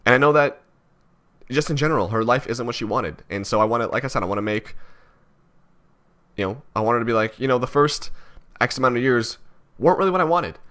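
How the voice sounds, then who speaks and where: A man's voice: mid-range voice, expressive, fast, fairly bright tone. A young man from Canada talking through his thoughts in a personal vlog, rambling and self-critical with many restarts. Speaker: vlogger.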